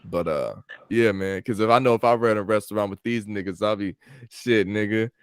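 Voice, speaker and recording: A man's voice: lowish voice, a little fast, clear, resonant tone, no echo, clean studio sound. A young man from California telling a rambling, profane story in casual podcast chat, full of fillers and restarts, over a call. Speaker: podcast host. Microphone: call audio.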